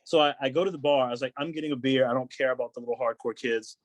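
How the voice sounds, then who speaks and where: A man with a mid-range voice tells a story on a podcast. His delivery is animated, and he jumps into quoted lines as he talks. The sound is dry and close, with almost no room echo. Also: mid-range voice, very fast. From United States. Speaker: podcast guest. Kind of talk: casual chat.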